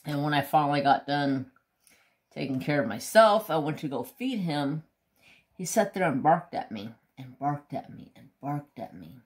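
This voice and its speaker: A man's voice: fairly high pitch, lively intonation, moderate pace. A man chatting casually to his viewers as a craft vlogger, rambling about his pets and swearing offhandedly.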